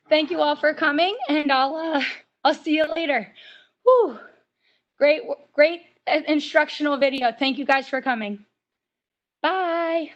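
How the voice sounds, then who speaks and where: An upbeat American woman with a high, fairly bright voice works as a camp fitness instructor, leading kids through a workout over a video call. She counts reps out loud and cheers the children on, though the audio sounds dull.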